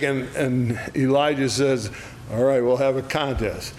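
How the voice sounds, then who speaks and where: A man teaching an adult Bible study, retelling a story with lively acted quotes and chuckles. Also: medium pitch, slow pace, a little hiss or hum.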